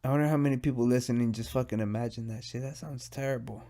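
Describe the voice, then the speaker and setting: Stoned, gravelly man rambling on his podcast. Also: medium pitch, steady tone, quick pace, mellow. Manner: rambling, profane and self-mocking. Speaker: podcast host. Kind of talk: casual solo podcast monologue.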